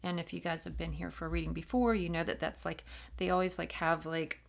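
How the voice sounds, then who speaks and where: A tarot reader gives a casual, chatty channeled reading that wanders from point to point, full of laughter and sudden whispers. Her voice sits on the low side with little pitch movement, a brisk pace, and vocal fry, and she slips into soft whispered chants.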